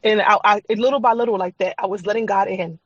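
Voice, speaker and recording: A woman's voice: mid-range voice, fairly even intonation, fast, no echo, lo-fi sound. A woman guest on a podcast, telling her personal faith testimony in an emphatic, repetitive, testifying way.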